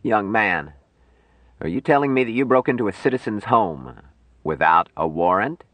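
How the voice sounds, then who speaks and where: A man's voice: on the low side, animated, moderate pace, fairly bright tone, no echo, pitched above the performer's own voice. A man voicing a stern older male head of government who speaks curtly and commands. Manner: curt, commanding.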